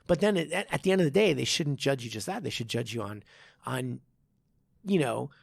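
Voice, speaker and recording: Martial arts guy on a podcast, super lively pitch, dry close sound, chatty. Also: normal speed, gravelly, no echo. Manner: animated storytelling with frequent laughs. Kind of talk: casual podcast chat.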